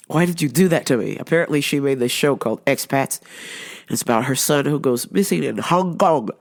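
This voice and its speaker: A woman vlogger tells stories in a casual, chatty monologue. Her pitch swoops lively up and down, and she laughs often. She exaggerates as she retells things. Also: moderate pace, gravelly.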